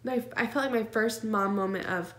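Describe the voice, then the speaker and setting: A woman's voice: on the high side, normal speed. A woman vlogging about her pregnancy, telling a personal story in an earnest, emotional way with lots of fillers and nervous laughs. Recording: echoey room.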